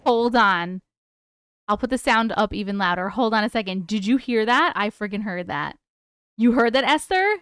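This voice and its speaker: A woman hosting a casual live stream from her desk at home, chatty and excitable, swearing freely. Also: mid-range voice, normal speed, clean tone, dry recording, clean studio sound.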